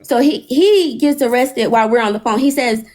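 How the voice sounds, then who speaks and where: A woman's voice: fairly high pitch, moderate pace. A woman hosting a live stream, telling a long story in casual chat, cursing and acting out what people said. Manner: animated, profane, retells dialogue.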